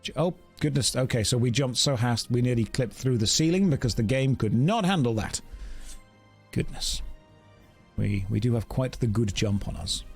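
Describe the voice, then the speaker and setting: A man's voice: mid-range voice, expressive, normal speed, gravelly, faint music behind. Playful man streaming a game. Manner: playful, chatty, talks to viewers. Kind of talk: casual game-stream commentary.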